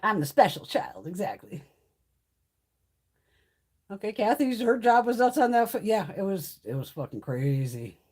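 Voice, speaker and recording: A woman's voice: medium pitch, big pitch swings, moderate pace, long pauses, a little mellow, breathy edge. Blunt, foul-mouthed woman chatting on a livestream. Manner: blunt, swears freely, laughs often. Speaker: beauty livestream host. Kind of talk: casual live chat with viewers. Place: home on a mountain.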